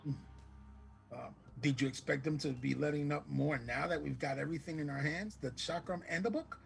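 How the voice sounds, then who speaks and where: Gravelly, higher-voiced man player. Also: fairly quick, soft background music. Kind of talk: in-character tabletop role-play.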